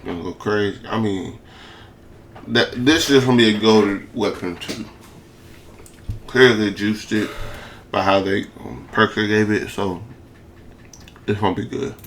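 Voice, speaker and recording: A young man who makes gaming content talks slowly over gameplay, pausing at length, in a lowish voice with fairly even intonation, and there's a little hiss or hum. His casual commentary is hyped and full of slang, slurred with a lisp and heavy on repeated phrases.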